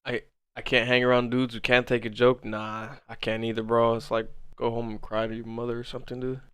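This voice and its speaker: A man's voice: medium pitch, little pitch movement, brisk, fairly bright tone, smooth, no echo. A man in his twenties hosting a trading livestream, reading chat and bantering casually, laughing hard and swearing a lot. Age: 20s. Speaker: forex livestream host.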